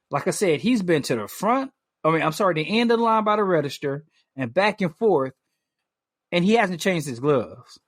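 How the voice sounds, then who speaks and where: A man on a podcast, telling a story in casual chat, animated, full of fillers and restarts, swearing freely. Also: a little high, no echo, studio quality. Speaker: podcast co-host.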